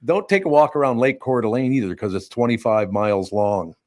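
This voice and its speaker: A man's voice: medium pitch, fairly quick, no room sound, clean studio sound. A man hosting a casual radio chat, folksy and emphatic, laughing easily.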